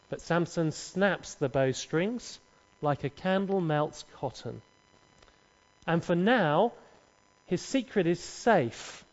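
A man's voice: fairly high pitch, animated, slow. A man preaching, telling a scripture story dramatically with humorous asides, in an echoey church hall. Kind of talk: sermon with acted dialogue. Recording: echoey, dull hall recording.

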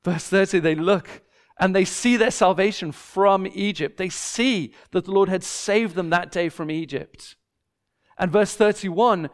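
A man preaching from the pulpit, his voice pitched high for a man. He builds each point through short repeated phrases that rise and fall. Now and then he slips into voicing the people in his story. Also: measured pace. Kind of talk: expository sermon.

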